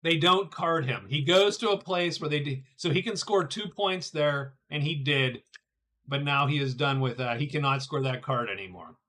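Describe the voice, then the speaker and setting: Casually streaming a solo board game, a middle-aged man chats with viewers while thinking aloud, often stumbling and repeating words. He talks at normal speed in a fairly high, sharp-toned voice.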